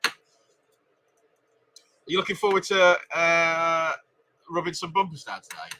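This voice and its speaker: A man's voice: a little high, very animated, unhurried, long pauses, background noise. A man with a jokey, teasing manner, hosting a casual chat in his workshop. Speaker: garage owner and show host.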